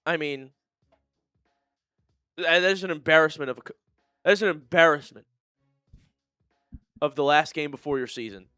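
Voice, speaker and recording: A man doing live play-by-play for a fan watch-party stream, swinging between shouted calls and low, disgusted muttering. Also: clear, resonant tone, no room sound, studio quality.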